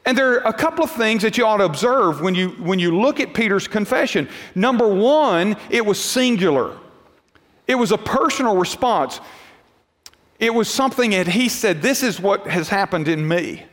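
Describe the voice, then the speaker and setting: A man's voice: high-pitched, lively intonation, normal speed, a bit bright. A male pastor preaching a sermon, emphatic and repetitive, often restarting his sentences. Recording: long hall reverb.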